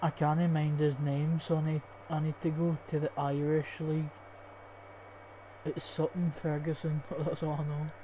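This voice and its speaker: A man's voice: on the high side, completely flat delivery, unhurried, warm tone, highs cut off, a little hiss or hum. A young Scottish man in his late teens, casually commentating on a football game, swearing and thinking aloud as he picks players. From Scotland. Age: young adult. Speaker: gaming YouTuber.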